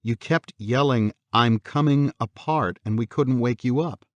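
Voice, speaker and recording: A man voicing a worried, gentle wife and mother in an audiobook, speaking softly and reassuringly. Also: mid-range voice, measured pace, dry recording, muffled recording, pitched above the performer's own voice, lightly acted. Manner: soft, reassuring.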